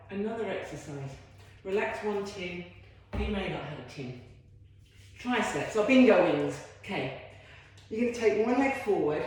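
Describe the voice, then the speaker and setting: A woman's voice: on the low side, darkish tone. Encouraging woman in an echoey room. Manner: encouraging, chatty, self-deprecating asides. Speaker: fitness instructor. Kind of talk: guided home workout instruction.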